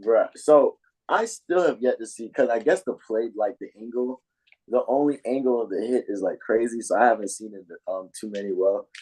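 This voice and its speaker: A man's voice: on the low side, normal speed, darkish tone, husky, rough recording. A man co-hosting a podcast, chatting casually about football in blunt, slangy talk full of swearing. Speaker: podcast co-host. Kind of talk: casual sports chat.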